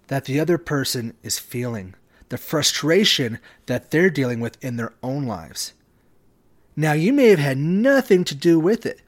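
A man hosting a devotional podcast, speaking in a measured way with long pauses. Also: on the high side. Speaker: podcast host. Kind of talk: devotional talk.

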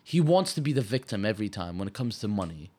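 A young man talks in a loose, laid-back podcast chat. He is blunt and animated and swears a lot when he makes a point. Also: on the low side, fast. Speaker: podcast co-host. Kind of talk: casual chat.

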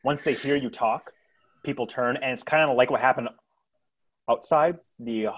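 A man narrates a tabletop game as game master. He stops and restarts often, filling gaps with ums as he describes the scene. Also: mid-range voice. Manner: halting, many restarts and fillers.

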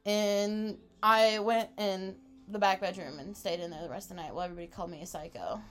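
Here the twenty-something podcast co-host talks briskly in a medium-pitched voice. Chatting casually, she shares a wild tale with plenty of laughter, acting out the quotes with lively energy.

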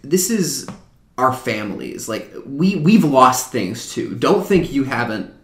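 A man chatting casually as a podcast co-host, with a voice of middling pitch. He talks animatedly, repeats words as he hunts for them and swears freely. The room has a noticeable echo. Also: very animated, slow. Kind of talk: casual chat. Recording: echoey room.

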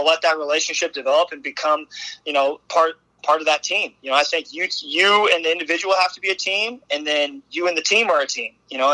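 Earnest bright-voiced Midwestern coach. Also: male voice, on the high side, dry recording, poor audio. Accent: Midwestern American. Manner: earnest, many restarts and "I think" fillers. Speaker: girls basketball coach. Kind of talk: casual podcast interview.

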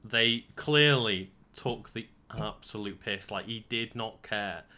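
A man chatting casually, relaxed, swearing now and then, and agreeing with short fillers. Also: lowish voice, takes it slowly. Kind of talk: casual chat.

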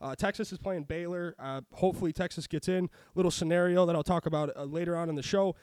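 A man's voice: on the high side, fast talker, clear, resonant tone, dry recording. A man hosting a sports betting podcast, talking casually and ranting with lots of swearing. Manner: profane, ranting, animated. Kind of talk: casual chat.

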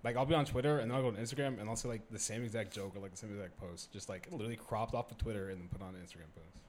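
A man's voice: on the low side, very fast. A young man, a podcast guest, chatting casually and jokingly, sometimes acting out outraged lines. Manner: animated, jokey, playfully acts out outraged lines. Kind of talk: casual chat. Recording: faint background noise.

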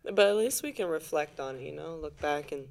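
A man on a casual podcast who chimes in with encouragement and laughs easily. His voice is a little high for a man and has a gravelly, fry-laced edge. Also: expressive, a little mellow. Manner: supportive, quick to laugh. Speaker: podcast guest. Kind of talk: casual chat.

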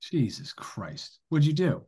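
A man with a slightly husky voice trades teasing jokes in relaxed podcast banter. His pitch moves a lot, and he curses freely. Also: slow. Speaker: podcast co-host. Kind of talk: casual chat.

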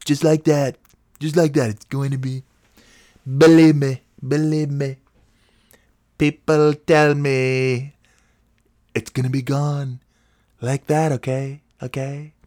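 A man's voice: mid-range voice, level tone, takes it slowly, pauses often, darkish tone, voice pushed up, natural voice. A man voicing a brash, boastful male TV weatherman who blusters and repeats his reassurances in a raised voice. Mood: blustery.

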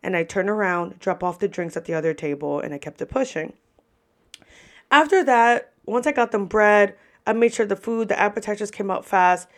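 A woman at an ordinary middle pitch talks through her server stories in a relaxed, candid podcast style. She swears without a second thought and briefly acts out her customers' lines. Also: normal speed. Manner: candid, chatty, swears freely; acts out customer quotes in shifting voices. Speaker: podcast host and restaurant server. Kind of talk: casual storytelling.

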